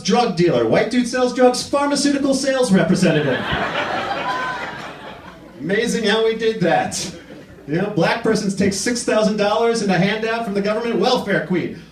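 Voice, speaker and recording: High, lively-voiced male stand-up comic. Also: a little hiss or hum. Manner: animated, acts out quoted people in put-on voices. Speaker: stand-up comedian. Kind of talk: stand-up comedy set. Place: live comedy theater with audience laughter. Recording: roomy live recording from a distance.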